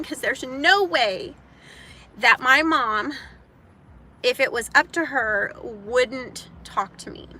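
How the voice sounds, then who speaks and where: A woman speaks to her online community on a live stream, her voice bright and a little forceful. She talks haltingly and emotionally, close to tears and apologizing as she goes. A faint hum of noise sits behind her. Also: on the high side, expressive, rough recording. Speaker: vlogger, single mom.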